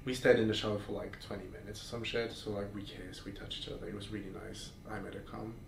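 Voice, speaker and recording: A man's voice: fairly low pitch, level tone, fast, vocal fry. A man hosting a podcast, telling explicit stories in casual chat, full of fillers and restarts. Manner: candid, explicit storytelling with frequent fillers. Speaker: podcast host. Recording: roomy sound, far from mic, faint noise.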